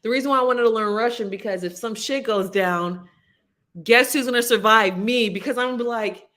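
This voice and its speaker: Woman livestream host, casual chat, giggly and rambling, bright and tense tone. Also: fairly high pitch, brisk.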